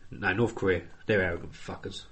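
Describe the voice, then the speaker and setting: A man's voice: low-pitched, fairly even intonation, brisk, a bit bright, slightly rough. A British man co-hosting a casual podcast, making crude, blunt jokes. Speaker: podcast co-host.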